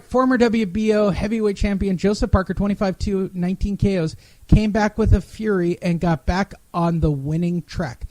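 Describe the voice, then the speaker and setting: A man with a notably high voice hosts a casual podcast, reading an article aloud and stopping to mock its typos with profane sarcasm. The recording is close and dry, with no room sound. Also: darkish tone, dry recording, poor audio. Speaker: podcast host.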